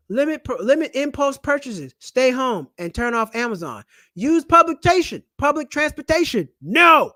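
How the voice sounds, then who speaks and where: A man hosting a casual money-saving vlog, loud, animated and slangy, joking his way through a list of tips while seated at home. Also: very high voice, no echo, clean studio sound. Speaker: channel host and comedian. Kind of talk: casual personal finance vlog rant. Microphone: camera mic.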